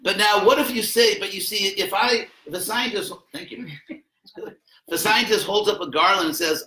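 A man with a bright, slightly raised voice gives a loose, chatty lecture to a class. He wanders off into dry little asides and then comes back to his point. The sound is roomy, with echo from the classroom. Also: high-pitched, normal speed. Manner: rambling, conversational, with wry asides.

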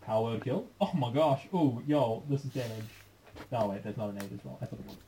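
A man running a tabletop game as game master, animated and laughing as he narrates. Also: mid-range voice, fast, slight background noise. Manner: animated, laughing, thinking aloud.

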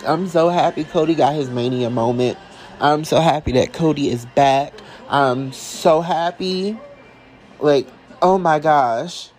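Man, a bit high-pitched, excitable, emotional, sassy, casual reaction chatter. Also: unhurried, soft background music, poor audio. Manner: casual and sassy, calls listeners y'all and honey. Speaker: wrestling fan vlogger. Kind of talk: live reaction commentary.

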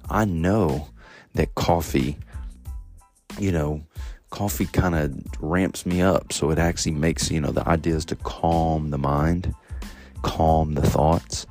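A man hosting a solo podcast, telling a personal story in a lively, casual way and talking straight to his listeners. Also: a bass voice, slow, faint music behind. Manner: animated storytelling, addresses listeners directly. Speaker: podcast host.

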